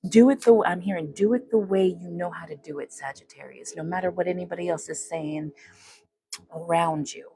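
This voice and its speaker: Brisk and warm, her fairly low voice carries a chatty tarot reading for viewers. She talks to spirit as well as her audience, humming as she shuffles the cards.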